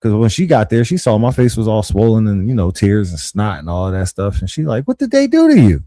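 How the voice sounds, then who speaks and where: A man's voice: lowish voice, fairly quick, no echo. A young man, telling school stories in casual, slangy chat as a podcast host and acting out what others said. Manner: animated, slangy, acts out quotes.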